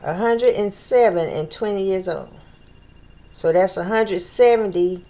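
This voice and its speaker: A woman's voice: mid-range voice, a little slow, a little mellow. Woman reading scripture and thinking aloud. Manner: thinks aloud, stumbles over names, repeats phrases while working things out. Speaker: Bible study teacher. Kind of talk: informal Bible study, reading scripture aloud and explaining.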